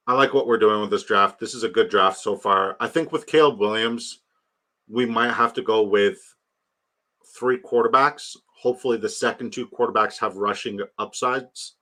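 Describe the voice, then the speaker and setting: A man's voice: on the low side, sharp tone. A young man chatting casually on a fantasy football stream, rambling and joking, swearing freely. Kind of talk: casual live-stream chat.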